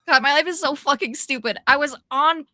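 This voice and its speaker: A woman's voice: sits high, a little fast, no echo. A woman chatting casually as a podcast cast member, telling stories with lots of swearing and laughter. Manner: swears freely, animated storytelling with frequent laughs. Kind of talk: casual chat.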